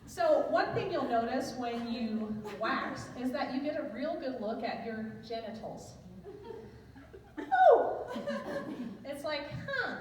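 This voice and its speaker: A woman's voice: high-pitched, animated, unhurried, hardly any pauses. A woman doing a stand-up comedy set, telling bawdy, self-mocking stories to a live audience. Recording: echoey hall, distant mic, noisy crowd. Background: audience laughter.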